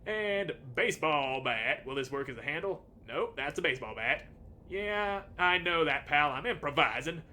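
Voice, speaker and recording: A man narrating his own gameplay in a casual, sarcastic manner, swearing freely. His voice is fairly high and very bright, with a faint hiss of noise behind it. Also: expressive, normal speed. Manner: sarcastic, swears, reads dialogue aloud. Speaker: let's play host.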